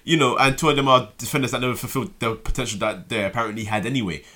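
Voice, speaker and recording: A man chatting casually about football as a co-host, emphatic and animated, often repeating his words. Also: mid-range voice, racing.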